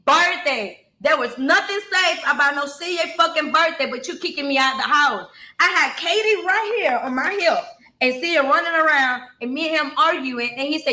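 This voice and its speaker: A woman with a high, bright voice tells her own story with raw emotion. She is blunt, swears freely and keeps talking straight to her listeners. The sound carries a roomy echo. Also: expressive, normal speed.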